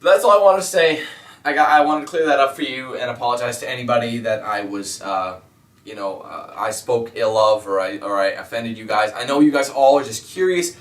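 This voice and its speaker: A YouTube let's player with a mid-range voice talks briskly in a casual vlog monologue, rambling, candid and apologetic, full of fillers. The room is echoey and the mic sits at a distance.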